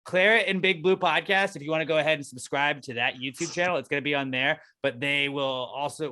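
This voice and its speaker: A man's voice: medium pitch, pushed and bright, clean tone. An American man hosting a podcast, chatting loosely and plugging the show. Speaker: podcast host. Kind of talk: casual chat.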